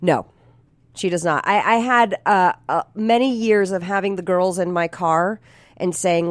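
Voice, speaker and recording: A woman in her forties chatting casually as a podcast guest, animated and quick to laugh. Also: lowish voice, no room sound. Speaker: guest, voice actor and comic.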